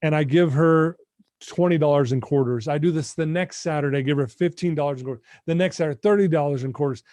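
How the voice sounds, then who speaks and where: A man's voice: on the high side, quick pace, darkish tone, no echo. Earnest man telling a personal story. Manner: earnest, heartfelt, addresses the host directly. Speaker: guest, addiction recovery mentor. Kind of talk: personal storytelling in a podcast interview.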